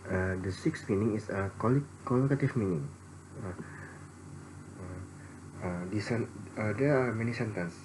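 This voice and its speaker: A young man giving a student presentation, reading his notes with frequent fillers and false starts. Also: fairly low pitch. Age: young adult. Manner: halting, many fillers and restarts. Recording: faint background noise.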